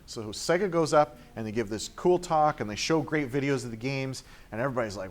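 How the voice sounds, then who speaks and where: A man's voice: medium pitch, expressive, fairly quick. A man giving a casual classroom lecture, chatty and full of fillers, acting out quoted reactions. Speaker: teacher.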